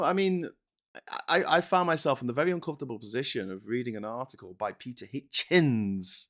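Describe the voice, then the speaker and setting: A man hosting a casual livestream from home, reading chat aloud and ranting sarcastically, laughing between lines. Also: mid-range voice.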